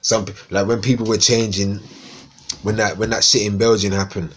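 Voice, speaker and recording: A man's voice: fairly low pitch, little pitch movement, normal speed, fairly bright tone, a little hiss or hum. A man from East London with a Cockney accent, chatting casually and swearing a lot on a live stream. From East London, England. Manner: rambling, swearing, slangy.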